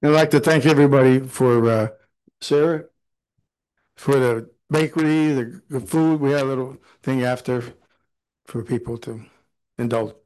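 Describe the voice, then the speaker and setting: A man's voice: medium pitch, moderate pace, pauses often, darkish tone, low-quality recording. A man giving informal ceremonial remarks at a town council meeting, folksy and joking, with hesitant "uh"s. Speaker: city official presenting an award.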